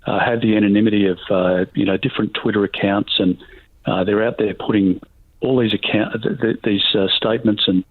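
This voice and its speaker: A man, a politician speaking haltingly in an archive clip. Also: fairly low pitch, fairly even intonation, no room sound. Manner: halting, full of fillers and restarts. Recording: tinny phone-like clip.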